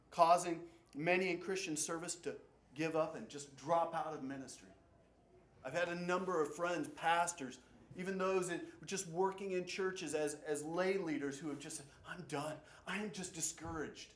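High-voiced man preaching in an echoey room. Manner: dynamic, swings between loud urgency and quiet low delivery. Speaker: pastor. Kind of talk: sermon.

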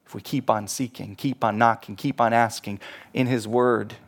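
A man preaching a sermon as pastor, animated, acting out quoted voices and laughing at himself. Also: medium pitch, moderate pace.

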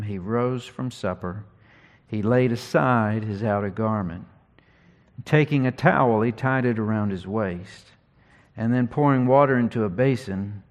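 A man preaching an expository sermon, teaching earnestly and reading scripture slowly with emphasis. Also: fairly low pitch.

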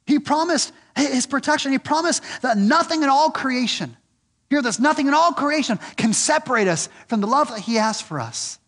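A man preaching a sermon, earnest and repeating questions for emphasis, swinging from loud and lifted on key points to low and soft. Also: expressive, normal speed. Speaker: pastor.

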